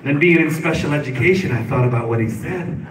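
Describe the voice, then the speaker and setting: A man doing stand-up, telling a story in an animated way and laughing through his own lines at a live venue. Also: a little high, brisk, heavy background noise. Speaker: stand-up comedian. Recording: echoey room, distant mic, loud clicks.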